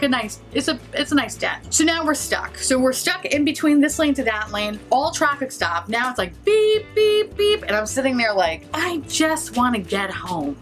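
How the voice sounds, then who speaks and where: A young woman telling a profane, animated storytime as a beauty vlogger. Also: on the high side. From New York area. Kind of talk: casual storytime.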